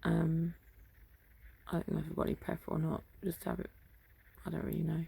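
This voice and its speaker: A tired woman in her fifties drifts from thought to thought as she potters around her garden, recorded on a phone. Her voice is low, mellow and heavily gravelly, with a husky edge, and she often slips into a whisper. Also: monotone, a little fast, no room sound. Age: 50s. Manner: musing aloud to herself, drifting between topics, sometimes whispering. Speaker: vlogger. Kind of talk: rambling solo chat. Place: home garden outdoors.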